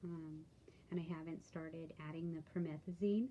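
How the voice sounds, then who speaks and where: Tired woman vlogging, halting and candid. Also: sits low, steady tone, dull audio, slight background noise. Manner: halting, many fillers, candid. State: tired, yawning. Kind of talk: casual video diary.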